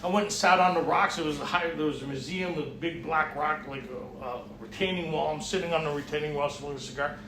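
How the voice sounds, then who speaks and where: A man's voice: fairly high pitch, fast talker, few pauses, crowd noise. A man speaking at a recovery retreat, telling a personal testimony and acting out the dialogue, often laughing. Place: retreat meeting room. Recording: echoey room, mic far off.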